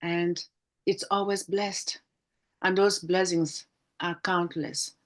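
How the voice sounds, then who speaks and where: A woman's voice: on the low side, little pitch movement, takes it slowly. Fervent woman giving a tribute speech. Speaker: panel team member. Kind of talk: tribute speech on a video call.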